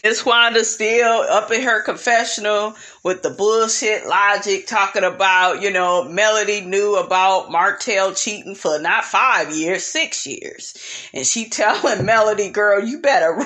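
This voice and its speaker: A woman with a bright, punchy voice recapping reality TV drama in a sassy, opinionated gossip style. She sprinkles "honey" and "child" through her talk and passes blunt judgment on everyone involved. Her pitch sits in an ordinary middle register. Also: measured pace.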